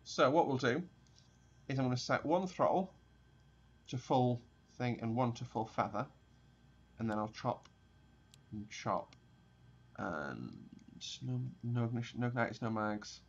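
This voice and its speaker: This flight sim streamer, a young man, offers casual gameplay commentary in a chatty, rambling way, explaining as he plays, laughing and often starting over. His voice sits at medium pitch, expressive and slightly rough, moving at a measured pace with long pauses. The sound is lo-fi.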